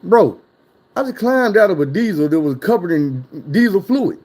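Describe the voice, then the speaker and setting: A man's voice: high voice, very animated, brisk, a little mellow. A man telling a wild personal story in casual, profane chat, his voice jumping up when he gets worked up.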